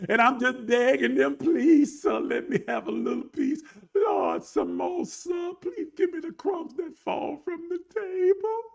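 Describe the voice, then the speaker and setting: A man's voice: extremely high pitch, huge pitch swings, measured pace, vocal fry, pitched above the performer's own voice, full character voice. A man voicing a groveling, self-pitying churchgoer who begs and wails for blessings. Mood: wailing pleading. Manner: whining, wailing pleas.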